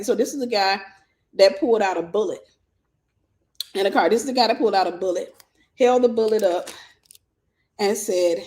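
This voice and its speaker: A woman host telling a personal story and giving dating advice in a lively, casual way, often breaking into laughter. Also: mid-range voice. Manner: animated, bursts into laughter, vernacular.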